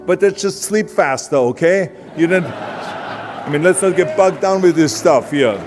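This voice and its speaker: A man from Austria, with an Austrian accent and a voice that sits high, speaks at a moderate pace. He's a motivational speaker in a large hall, emphatic, blunt and plain-spoken, with music underneath and hall reverb.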